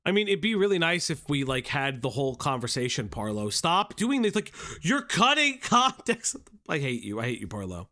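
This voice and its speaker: A man's voice: a little high, very animated, moderate pace, hardly any pauses, bright, forceful tone, no echo, studio quality. A man reacting to a video on a commentary stream, exasperated, swearing and laughing often.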